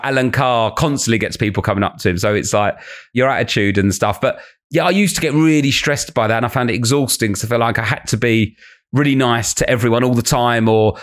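A man, a comedian telling quick anecdotes as a podcast guest, laughing and swearing casually. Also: fairly low pitch. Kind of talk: casual podcast chat, storytelling.

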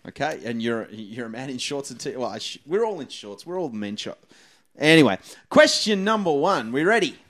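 A man's voice: mid-range voice, animated, fairly quick. Rambling playful male quiz host. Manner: rambling, self-interrupting, playful. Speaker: podcast host and quizmaster. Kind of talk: casual comedy podcast banter.

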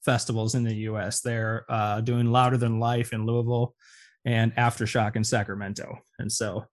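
A man's voice: fairly low pitch, little pitch movement, normal speed. Chatty male podcast co-host. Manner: enthusiastic, rambling with fillers. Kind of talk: casual chat.

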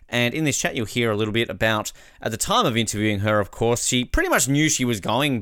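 A man's voice: lowish voice, a bit bright, clean tone, no room sound, clean studio sound. A man with an Australian accent hosting a sports podcast, talking in an enthusiastic, conversational way. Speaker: podcast host. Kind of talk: podcast interview and narration.

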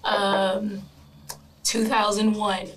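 A woman's voice: medium pitch, little pitch movement, drawn-out words, low-quality recording. Chatty woman telling a true crime story. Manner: chatty storytelling with laughs and asides. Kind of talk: casual chat.

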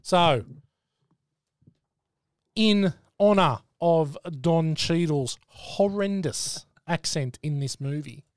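A man hosts a casual film podcast in a fairly high voice. He talks bluntly and swears freely. The sound is dry and close. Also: slow, dry recording. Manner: blunt, sweary, leads the segments. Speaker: podcast host.

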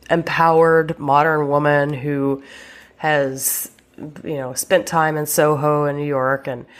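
A woman hosting her own podcast as a relationship coach, talking frankly and chattily, with casual swearing. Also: sits low. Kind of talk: casual solo podcast talk.

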